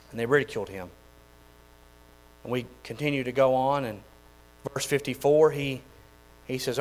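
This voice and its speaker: A man, preaching a sermon in a folksy, animated way with lots of repeated phrases. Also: mid-range voice, moderate pace, long pauses, rough recording. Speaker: pastor.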